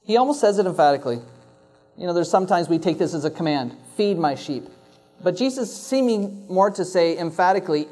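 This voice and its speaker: Pastor, male, fairly high voice; earnest, reflective sermon with emphatic repeats. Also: expressive, a little fast, darkish tone.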